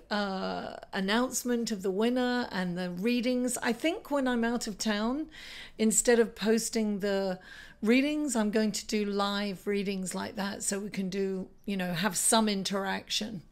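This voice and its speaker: A woman hosting an astrology vlog, chatty and rambling, her voice slightly raspy and hoarse from shouting. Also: fairly high pitch, measured pace. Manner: chatty, rambling, with many ums and asides. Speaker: astrology channel host. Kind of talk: casual astrology vlog talk.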